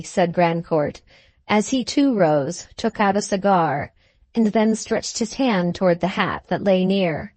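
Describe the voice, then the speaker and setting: A woman reading a classic novel aloud as an audiobook narrator, in a measured storytelling manner. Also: lowish voice, expressive, a little mellow, dry recording. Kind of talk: scripted narration.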